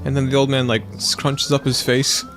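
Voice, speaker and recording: A man hosting a let's play, chatting casually in a rambling, animated way and acting out quotes in silly voices. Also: mid-range voice, moderate pace, over music. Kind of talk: casual gaming chat.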